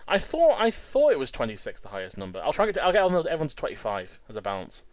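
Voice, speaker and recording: Chatty man giving excitable gameplay commentary, dry sound. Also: medium pitch, fast, no echo. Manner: excitable, chatty, many restarts and repeated words. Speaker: Let's Play host.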